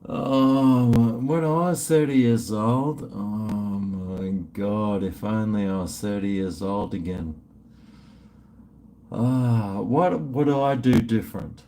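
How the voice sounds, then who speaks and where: A middle-aged man drawls slowly through a casual livestream, mumbling and drifting off mid-thought. He swears freely and sips drinks between super chats, with faint noise in the background. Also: mid-range voice, dark tone. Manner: rambling, mumbling, trails off, swears often. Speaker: livestream host.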